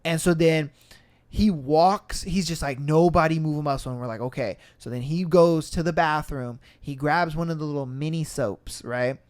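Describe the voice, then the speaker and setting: Animated storytelling man, high voice. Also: normal speed, clean tone. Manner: animated, acts out quotes with shifting pitch and volume, laughs and swears often. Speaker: podcast host. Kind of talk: casual storytelling.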